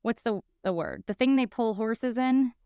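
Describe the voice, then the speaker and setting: A woman's voice: a little high, normal speed, smooth, no echo, dull audio. A woman co-hosting a podcast, telling a story in casual chat and acting out the people she quotes. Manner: animated, acts out quoted people. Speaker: podcast co-host.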